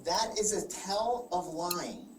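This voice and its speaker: Blunt detective in an echoey room. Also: male voice, high-pitched, slow. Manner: blunt, lecturing, pressing. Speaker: police detective. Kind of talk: police interrogation. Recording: echoey, distant, noisy room recording.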